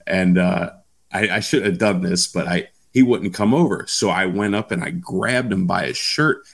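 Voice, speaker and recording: A man with a very low, gravelly voice spins a rough workplace story in loose chat. He swears freely and gets animated. He sounds like he is in his thirties. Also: moderate pace.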